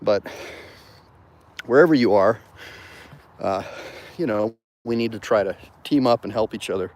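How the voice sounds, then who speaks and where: A man's voice: on the low side, unhurried, darkish tone, dull audio. A man hosting a livestream as an attorney, talking outdoors while walking, conversational and digressive, stopping to thank viewers for donations. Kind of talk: rambling livestream talk.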